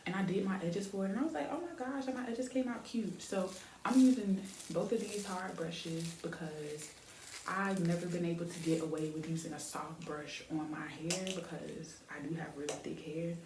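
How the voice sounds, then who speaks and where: A young woman with a lowish voice speaks at a moderate pace and fairly even intonation. She's a beauty vlogger chatting casually, rambling with lots of fillers while styling her hair on camera, in an echoey room with faint hiss.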